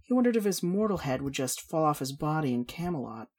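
Woman, fiction narrator, deep voice, steady reading. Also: quick pace, breathy edge. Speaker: reader.

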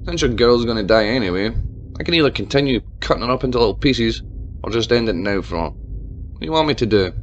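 A man's voice: animated, fast talker, dull audio, a little hiss or hum, close to an everyday voice. A man voicing a sneering female crime boss. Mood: taunting. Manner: low, taunting and mocking.

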